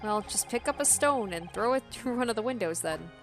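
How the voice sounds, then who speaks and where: A woman doing casual game commentary, reading the dialogue aloud in a giggly, excitable way. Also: mid-range voice, a little fast, over music. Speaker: game streamer.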